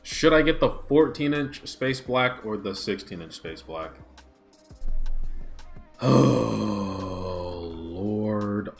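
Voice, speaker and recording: A man hosting a live watch-party stream who swings between hyped shouting and muttered grumbling, recorded on a smartphone. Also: lowish voice, very slow, vocal fry, soft background music. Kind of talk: excitable live reaction stream.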